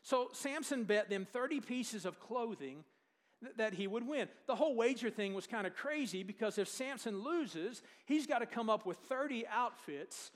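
A man's voice: very high voice, lively intonation, moderate pace. A man preaching a sermon, retelling a scripture story with jokes and questions to the congregation.

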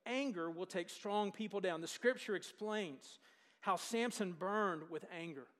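A man's voice: high voice, measured pace, a bit bright. A man preaching a sermon, retelling a scripture story with jokes and questions to the congregation.

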